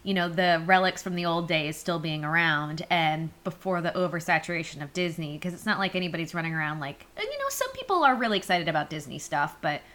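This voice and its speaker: A woman's voice: on the low side, fairly bright tone. A woman on a podcast, chatting casually and musing aloud with chatty asides. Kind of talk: casual chat.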